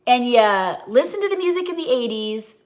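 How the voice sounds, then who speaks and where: Rambling middle-aged woman, slightly high voice. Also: lively intonation, a little fast, a little mellow. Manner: rambling, loses her train of thought; chatty and heartfelt, talks straight to viewers. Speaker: home cook and cookbook author hosting a livestream. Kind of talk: casual livestream chat.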